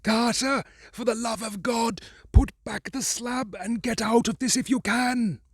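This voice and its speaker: A man voicing a terrified man calling up from a crypt, hoarse with fear and frantic as he pleads. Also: extremely high pitch, measured pace, no room sound, clean studio sound, voice pushed up, heavily acted. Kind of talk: audiobook character voice.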